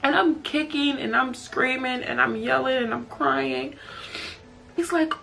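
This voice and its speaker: A woman's voice: high voice, fairly even intonation, unhurried, gravelly, bright, forceful tone, faint music behind. A woman telling a personal story in a storytime vlog, emotional and candid, swearing and saying "like" often. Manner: emotional, candid, heavy use of "like" and profanity. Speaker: vlogger.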